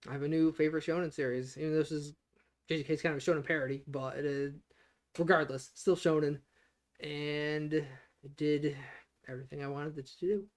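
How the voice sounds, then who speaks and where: A fairly quick, medium-pitched streamer reacts to an anime season in loose livestream talk, excited, rambling, and punching words hard.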